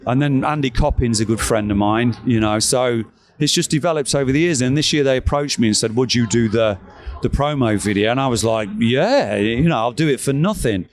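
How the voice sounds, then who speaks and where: Backstage at a rock festival, a middle-aged guest from England's East Midlands tells anecdotes in a mid-pitched, slightly fast voice. He's an animated storyteller who acts out quoted voices and swears freely.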